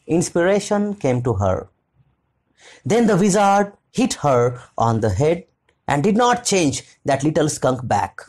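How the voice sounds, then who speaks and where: Slow, expressive audiobook reader. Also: medium pitch. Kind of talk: audiobook narration for a literature lesson.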